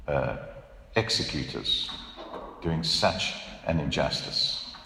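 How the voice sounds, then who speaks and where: Man, pastor, sermon, low voice, earnest, emphatic, echoey church hall. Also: very animated, a little slow, fairly bright tone. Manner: earnest, emphatic preaching with rhetorical questions.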